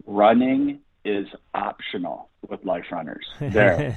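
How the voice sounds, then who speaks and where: A man's voice: medium pitch, lively intonation, slow. Earnest man on a tinny phone line. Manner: earnest, preachy, encouraging. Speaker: guest, ministry founder. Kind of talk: enthusiastic radio interview talk. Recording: dry phone-line audio.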